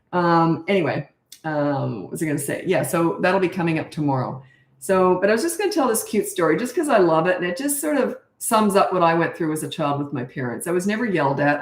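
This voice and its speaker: A woman in her fifties talks casually on a parenting live stream, her voice sitting fairly low. She rambles warmly through stories, restarts her sentences and pokes fun at herself. The sound carries a roomy echo. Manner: chatty, storytelling, self-mocking, restarts and trails off. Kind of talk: casual livestream talk.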